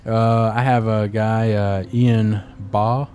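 A man's voice: lowish voice, flat delivery, slow, darkish tone, slight background noise. A man hosting a casual gaming podcast, reading listener emails aloud in a laid-back way, with hesitant fillers and blunt swearing.

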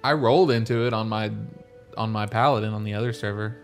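A man's voice: fairly low pitch, steady tone, fast, faint music behind. Quippy man co-hosting a gaming chat. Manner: quippy, laughing asides. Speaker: podcast co-host.

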